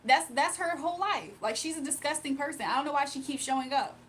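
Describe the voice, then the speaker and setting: Young woman, high voice, livestream chat, blunt, confrontational. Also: animated, quick pace, a bit bright, slight background noise. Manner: blunt and confrontational, scolding a viewer. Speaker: livestreamer giving spiritual readings. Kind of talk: casual livestream chat, reading comments aloud.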